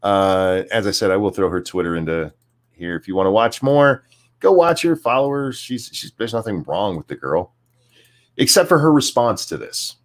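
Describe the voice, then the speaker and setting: A man's voice: fairly low pitch, big pitch swings, moderate pace. A man hosting a commentary show, ranting sarcastically with frequent swearing and stammered restarts. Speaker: commentary channel host.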